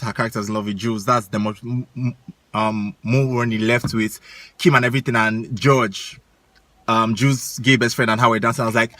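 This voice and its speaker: A young man, co-hosting a casual chat and telling stories in an animated way, laughing often. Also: medium pitch, no echo. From Nigeria. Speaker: co-host.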